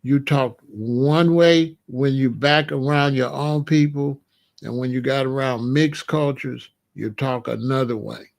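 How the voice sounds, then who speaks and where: A man's voice: medium pitch, steady tone, unhurried, vocal fry. A middle-aged man from the United States telling a story in a casual monologue, repeating phrases for emphasis. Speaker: commentator.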